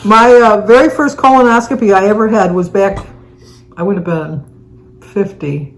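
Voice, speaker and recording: Older woman co-host, chatty and rambling, laughs mid-story, mid-pitched voice. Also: moderate pace, faint music behind, poor audio. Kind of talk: casual chat answering viewer questions.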